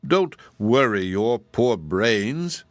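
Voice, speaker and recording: A man voicing a cruel, scornful giantess sorceress in an audiobook, speaking slowly and mockingly. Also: medium pitch, very animated, dry recording, full character voice. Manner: slow, mocking and menacing.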